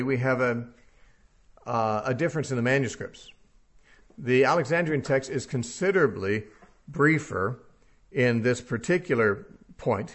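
A man's voice: mid-range voice, fairly bright tone. A man teaching through a Bible passage verse by verse, talking casually and thinking aloud with frequent fillers.

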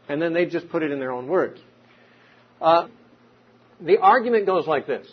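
A man's voice: on the high side, expressive, moderate pace, long pauses, breathy edge. A man giving an unscripted Bible teaching talk, explaining with examples and rhetorical questions. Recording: dull lo-fi recording.

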